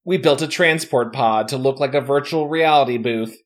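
A man voicing a menacing two-headed alien captor with a hollow, raspy, mechanical voice. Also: mid-range voice, moderate pace, lightly acted. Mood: calm.

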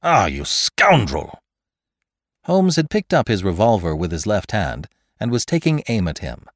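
A man narrating a classic adventure story in an expressive, dramatic audiobook style. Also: on the low side, normal speed, no echo, clean studio sound.

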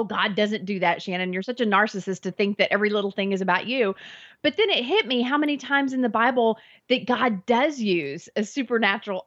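Earnest woman telling a faith story. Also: medium pitch. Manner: earnest, vivid retelling with acted inner thoughts. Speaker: interview guest. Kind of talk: personal faith testimony storytelling. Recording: dull lo-fi audio.

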